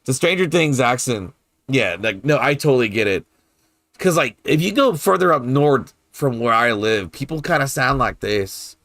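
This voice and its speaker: New orleans guy chatting while he streams a game, laid-back, cusses a bit, mid-pitched voice, dry close mic. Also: lively intonation, moderate pace, a bit bright, no room sound. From New Orleans, Louisiana. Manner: chatty, laughs often, swears casually. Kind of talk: casual chat over gameplay.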